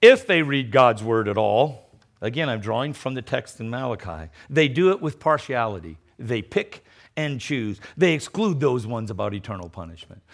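Big pitch swings mark this middle-aged man's emphatic sermon, delivered at a moderate pace. He shifts from loud declarations to low mocking asides and often repeats words when restarting.

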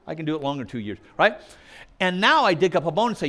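Emphatic high-voiced male preacher. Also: sing-song, fast talker. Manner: emphatic, argumentative, mimics opponents' objections; swings between loud punchy lines and quiet asides. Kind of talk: sermon.

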